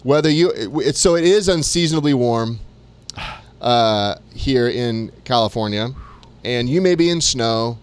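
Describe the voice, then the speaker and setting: A man's voice: mid-range voice, animated, a little slow, smooth. A man co-hosting a livestream, chatting casually and reading out viewer comments with upbeat, joking banter. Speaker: co-host of a livestream show.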